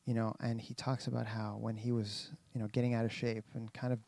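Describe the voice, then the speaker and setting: Gravelly, mellow-voiced man telling a story. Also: medium pitch, flat delivery, a little fast, no room sound. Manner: rambling storyteller, many fillers and restarts, acts out quotes. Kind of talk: casual chat.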